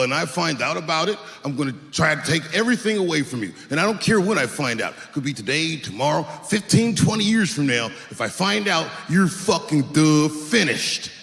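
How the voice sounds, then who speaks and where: Man doing a slow-witted vengeful oaf, duh-stammer, booming in a big hall. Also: creaky, fairly bright tone. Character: dopey vengeful man standing for the audience. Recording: echoey hall with live crowd.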